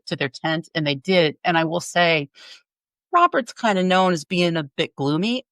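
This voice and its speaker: A middle-aged woman, a photographer, telling animated stories in a casual interview and acting out quotes with laughter. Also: mid-range voice, no echo. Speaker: photographer guest. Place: her home.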